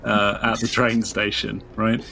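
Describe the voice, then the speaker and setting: A man playing a tabletop game, speaking calmly and bluntly in and out of character. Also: fairly low pitch, vocal fry. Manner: calm, deliberate and blunt in character. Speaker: player. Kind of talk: tabletop role-play, in and out of character.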